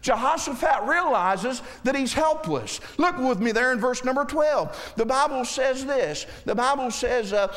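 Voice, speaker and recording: High-voiced preacher man shouting. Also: moderate pace, few pauses, long reverb tail. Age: 30s. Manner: impassioned, rising to shouts; folksy, addresses the congregation directly. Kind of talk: sermon.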